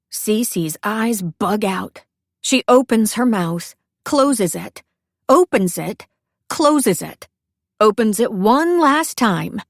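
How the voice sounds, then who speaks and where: A woman's voice: mid-range voice, slow pace, vocal fry, dry recording, clean studio sound. A young adult woman narrating a first-person romance audiobook in a wry, self-deprecating way.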